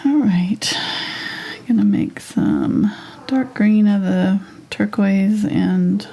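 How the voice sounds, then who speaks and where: A woman walks viewers through a live painting lesson in a soft, often half-whispered voice, keeping it chatty and unhurried. Her tone is dark and mellow with a gravelly, husky edge, and she talks slowly. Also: mid-range voice. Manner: casual, chatty asides. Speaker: painting instructor.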